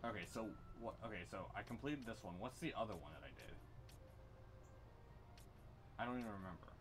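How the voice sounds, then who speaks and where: A man streaming a game, chatting in a halting way and reading game text aloud. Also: fairly low pitch, animated, music in the background. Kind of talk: casual let's-play chat.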